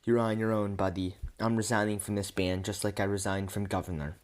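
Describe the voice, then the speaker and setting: A man's voice: on the low side, level tone, fairly quick, close to an everyday voice. A man reading as an offhand quitting politician. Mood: dismissive. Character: adult male politician quitting, dismissive.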